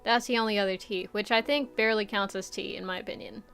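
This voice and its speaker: A young woman from the Midwest streaming a casual chat, animated and chatty, laughing often as she reads chat aloud. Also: mid-range voice, quick pace, soft background music. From Midwest United States.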